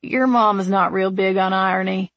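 A woman voicing a sarcastic, stubborn young woman who talks in a sharp, sardonic way. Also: mid-range voice, fairly even intonation, no room sound, lo-fi sound, lightly acted. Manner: sharp, sardonic, quick to snap.

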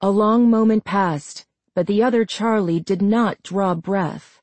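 Woman, audiobook narration, slow and measured, dry close sound. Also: mid-range voice, darkish tone, dry recording. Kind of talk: scripted narration.

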